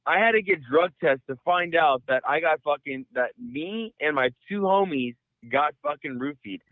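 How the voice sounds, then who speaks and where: A young man from the Bay Area telling a long profane story on a podcast, rambling and animated. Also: a little high, moderate pace, no room sound. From San Francisco Bay Area. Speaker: podcast host. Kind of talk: casual storytelling. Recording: dry, phone-like audio.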